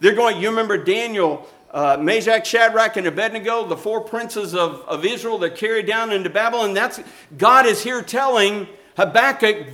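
A man preaching a sermon, swinging from quiet teaching to loud, animated outbursts. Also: high voice, moderate pace. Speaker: pastor.

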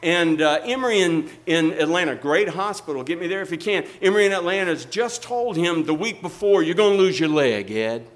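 A man telling a story in a sermon, animated and acting out the people in it. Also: high voice, fairly quick, few pauses.

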